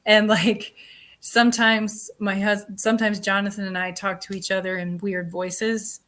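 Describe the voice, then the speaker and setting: A woman speaking as an interview guest, telling a story in a chatty, animated way with lots of filler words. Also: medium pitch, a little slow. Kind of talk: casual interview chat.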